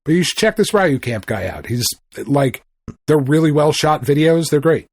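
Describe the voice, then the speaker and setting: Husky, rambling podcast co-host man. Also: a little high, moderate pace, no echo, studio quality. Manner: excitable, profane, rambling. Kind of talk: casual chat.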